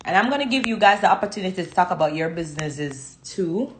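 A woman's voice: fairly low pitch, expressive, fast talker, reverberant, slight background noise. A Jamaican woman hosting a casual livestream chat, talking freely and slipping into patois. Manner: chatty, slips into patois. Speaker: livestream host.

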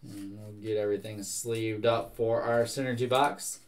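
A young man hosting a live card break, reading out one card after another in a brisk, casual way. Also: lowish voice, steady tone.

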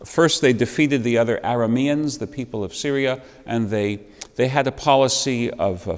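A man's voice: mid-range voice, a little mellow. Wry male Bible teacher in a reverberant church space. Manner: conversational, wry asides with chuckles, asks the class questions. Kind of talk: adult education lecture. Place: church classroom.

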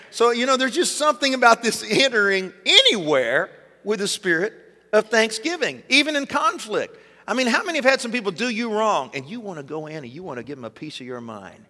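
A middle-aged man with a Southern US accent, a pastor telling a story in a sermon, conversational and animated, leading the congregation in call-and-response. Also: high voice. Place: church sanctuary. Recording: long church reverb.

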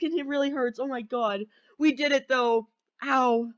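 A young man with a notably high voice narrates a game from his desk at home, bursting into excited cheers and yelps between rambling asides. Faint game music plays underneath him. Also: moderate pace. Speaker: gaming video creator. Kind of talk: let's play commentary.

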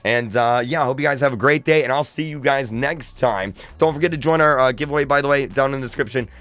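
A young man hosting a casual gaming news vlog, chatty and excitable, with lots of fillers. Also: mid-range voice, fast, dry recording. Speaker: gaming YouTuber.

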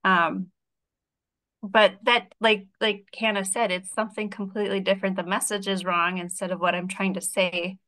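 A woman speaks candidly on a panel and pokes fun at herself. Her voice sits at a middle pitch. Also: little pitch movement, moderate pace, sharp tone. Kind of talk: panel discussion.

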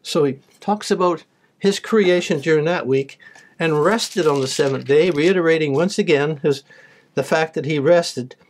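A man's voice: fairly high pitch, normal speed, a little hiss or hum. A man giving a sermon, reading Bible verses aloud and then explaining them in plain words. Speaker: preacher.

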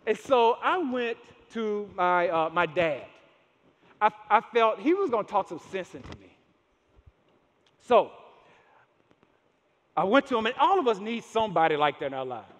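Guy preaching in church, really high voice, keeps repeating lines for emphasis, big echoey sanctuary. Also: sing-song, normal speed, pauses often. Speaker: pastor. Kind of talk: sermon. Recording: long reverb in a large church hall.

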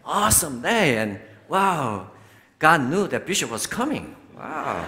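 A man's voice: a little high, big pitch swings, a little hiss or hum. A man in his sixties with a Korean accent, a bishop telling stories in a sermon, often laughing. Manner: warm storytelling, laughing often, slow and deliberate. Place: large church sanctuary. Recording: long hall reverb from a church.

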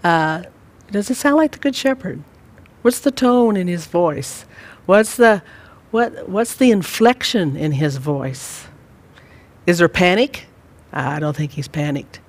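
A man leading a church Bible study, talking gently and rambling with many fillers. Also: sits high, animated, slow. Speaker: church teacher.

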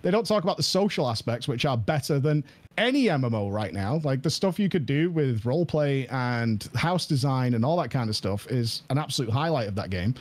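A man guesting on a podcast, telling a story in an animated, emphatic way and laughing often. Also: medium pitch, a little fast. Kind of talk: casual podcast chat.

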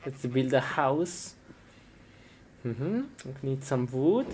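A woman's voice: extremely low pitch, animated, slow pace, pauses often, noisy background. A woman acting out a comic skit as a gamer, using simple non-native English and frequent exclamations. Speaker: player in a live-action game skit. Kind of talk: comedic acted skit.

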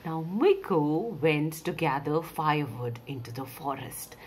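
A woman storyteller telling a folk tale to her listeners in an expressive way, with questions to them. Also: deep voice, a little slow, a little hiss or hum. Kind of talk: storytelling narration.

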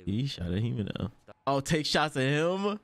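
Lively, excitable man reacting. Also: mid-range voice, moderate pace. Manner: excitable, laughs often, heavy slang and swearing. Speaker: anime reaction host. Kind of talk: casual reaction commentary.

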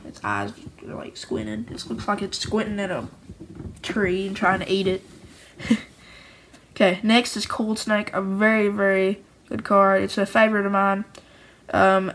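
A woman's voice: medium pitch, gravelly, a little hiss or hum, low-quality recording. A woman who makes her own card game, casually and cheerfully going through each card, rambling and often restarting her sentences. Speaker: homemade card game creator.

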